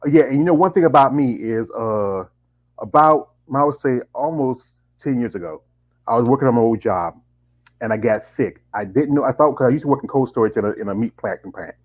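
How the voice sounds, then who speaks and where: Man, 40s, interview host; loose, rambling delivery full of restarts, middle pitch. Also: expressive, fairly quick, rough recording. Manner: rambling, with many restarts and fillers. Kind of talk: casual interview chat.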